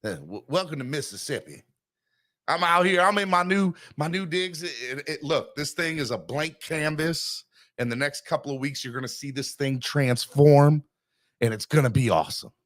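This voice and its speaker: A man's voice: on the high side, normal speed, fairly bright tone. A man hosting a sports podcast morning show, talking in an upbeat, hyped-up way while plugging the channel and sponsors from a bare new room. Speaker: podcast host.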